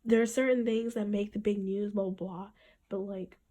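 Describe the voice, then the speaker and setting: This podcast host is a woman with a mellow, mid-range voice, a steady tone and an ordinary pace. In a casual solo monologue she sounds earnest and reflective, frequently restarting what she's saying.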